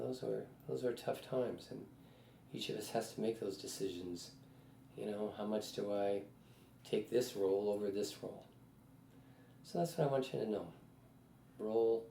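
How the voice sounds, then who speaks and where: A man's voice: lowish voice, creaky, mellow. A man in his sixties giving a conversational psychology lecture, telling personal stories and putting questions to the class. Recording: echoey room with faint noise.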